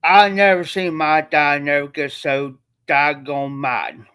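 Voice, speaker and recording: A man from Ohio rambles through a personal story on his livestream, repeating himself in a loose, colloquial style. His voice sits a little high for a man. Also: fairly even intonation, slow, sharp tone, clear, resonant tone. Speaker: livestream host.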